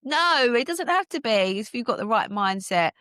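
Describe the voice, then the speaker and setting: A woman from the UK hosting a solo business podcast, talking in an energetic, emphatic, motivational way and laughing often. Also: a little high, moderate pace, dry recording, studio quality. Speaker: podcast host and business coach.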